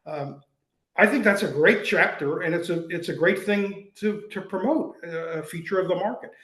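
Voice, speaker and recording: A man's voice: high voice, moderate pace, reverberant. An older man in a conversational discussion, telling stories with frequent restarts and repeated words. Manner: animated storytelling with frequent restarts. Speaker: guest, writer.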